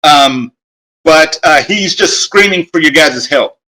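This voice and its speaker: Bright-voiced man running a tabletop game. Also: a little high. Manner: halting, many fillers and restarts. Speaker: game master.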